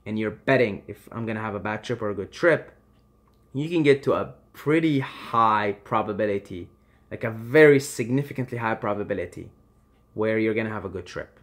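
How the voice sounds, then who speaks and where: A man giving impassioned advice to camera, emphatic and swearing freely, swinging between loud urging and quiet reassurance. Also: lowish voice, normal speed. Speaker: vlogger.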